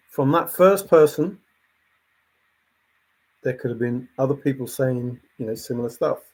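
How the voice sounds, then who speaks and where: A man's voice: fairly high pitch, rough recording. A man talking casually to viewers in an emphatic, exasperated way, repeating his points as he comments on a treasure hunt.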